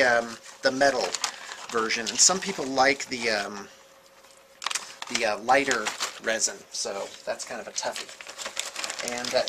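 A man hosting a casual show-and-tell vlog from his painting studio, excitable and rambling, chuckling as he goes. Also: medium pitch, noisy background. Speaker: host of a miniature painting studio channel.

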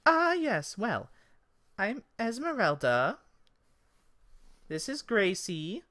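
A man's voice: high-pitched, wildly swooping pitch, slow pace, pushed and bright, dry recording, voice pushed up, full character voice. A man voicing a flirty, teasing female elf hostess in a tabletop game, with coy, sing-song questions.

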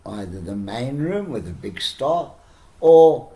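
A man's voice: mid-range voice, slow. Older south african guy spinning yarns on a podcast, laughs along, acts out the bits. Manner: animated, chuckling storyteller who acts out quotes. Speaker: podcast guest. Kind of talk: casual storytelling.

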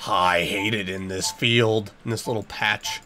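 A man's voice: lowish voice, fairly even intonation, unhurried, pushed and bright, a little hiss or hum. A man giving let's play commentary, jumpy and reactive, talking to the game's characters and using mild minced oaths. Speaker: gaming YouTuber.

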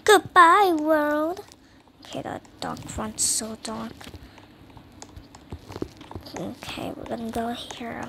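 In casual gameplay commentary, this young gamer talks in a high, excited voice at a slow, stretched-out pace. Whispering now and then and repeating herself, she's recorded with distinct background noise.

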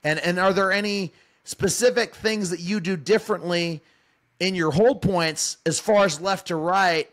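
A man's voice: sits high, steady tone, moderate pace, fairly bright tone. A man hosting a podcast who teases his guests and asks long, rambling questions. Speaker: podcast host. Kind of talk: casual podcast chat.

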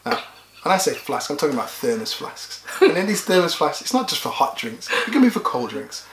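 A man's voice: on the high side, very animated, fairly quick, fairly bright tone, slight background noise. A man from the UK co-hosting a casual couple's vlog, dry and sarcastic. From UK, Yorkshire. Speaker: vlog co-host. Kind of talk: casual chat. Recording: echoey room.

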